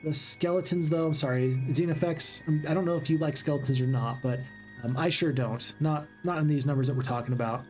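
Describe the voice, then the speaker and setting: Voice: mid-range voice, fairly quick, a little mellow, soft background music. A gaming channel host giving upbeat, casual let's-play commentary and chatting with viewers.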